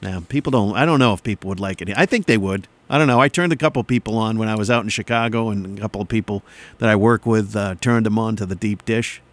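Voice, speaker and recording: A man's voice: on the low side, quick pace, no room sound. A man DJing on radio, rambling and joking between songs from a studio mic. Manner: joking, rambling, self-mocking.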